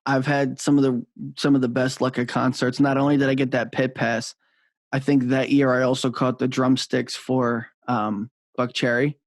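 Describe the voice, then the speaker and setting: A radio personality and podcast host, speaking in a relaxed, chatty way and laughing often. His voice sits at a middle pitch, recorded close and dry with no room echo. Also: normal speed. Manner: laughs easily, relaxed anecdotes. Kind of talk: casual podcast chat.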